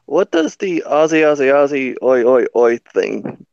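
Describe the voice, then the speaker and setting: A man's voice: mid-range voice, expressive, a little slow, creaky, a little mellow, clear, resonant tone, no echo, muffled recording. A man chatting casually on a live stream, curious and asking questions. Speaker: stream guest. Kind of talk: casual chat.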